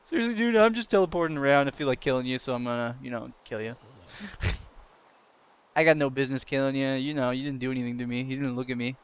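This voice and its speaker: A young man giving casual gameplay commentary, excitable, laughing and yelping when danger comes, chatting to the game's creatures. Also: medium pitch, fast talker, clean tone, lo-fi sound. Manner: excitable, yelps and laughs at danger, talks to game mobs. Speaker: gaming commentator.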